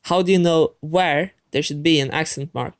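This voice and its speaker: A man teaching a language lesson in a clear, methodical scripted narration, talking straight to the viewer. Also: fairly high pitch, steady tone, normal speed.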